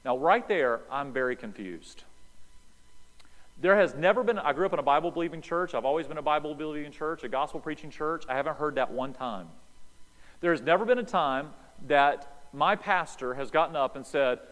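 A man's voice: on the high side, moderate pace, in a large hall, poor audio. An American man preaching a sermon, acting out the voices in a Bible story as he explains it. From United States. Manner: animated preaching, acts out dialogue. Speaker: pastor.

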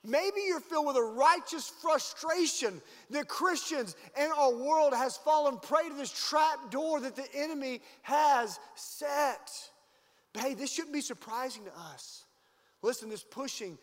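A man with a high voice delivers an emphatic sermon. He swings between loud rising peaks and quiet low asides. His voice rings out with long hall reverb. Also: a little slow. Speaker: pastor.

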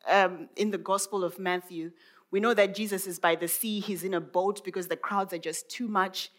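Woman preacher, mid pitch, reflective and questioning sermon delivery. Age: adult mother. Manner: reflective, musing with many rhetorical questions.

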